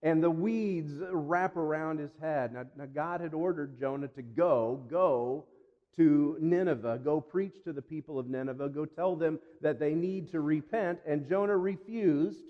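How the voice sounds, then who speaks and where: A man preaching a sermon in an earnest, emphatic way, repeating phrases and slowing down for weight. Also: on the high side. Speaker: pastor. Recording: dull sound with long reverb.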